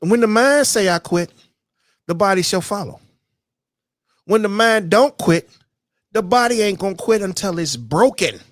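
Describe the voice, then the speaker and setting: A blunt, foul-mouthed man rants about a coworker on his own podcast. His voice is fairly high and swings widely, and the sound is close and dry. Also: expressive, moderate pace, long pauses, no echo. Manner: blunt, profane, mocks others in whiny voices. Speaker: podcast host. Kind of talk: casual rant monologue.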